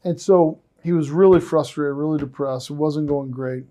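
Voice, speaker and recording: Podcast host guy, super enthusiastic, kinda high but mellow voice. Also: normal speed. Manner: enthusiastic, effusive, animated storyteller. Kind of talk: casual podcast conversation.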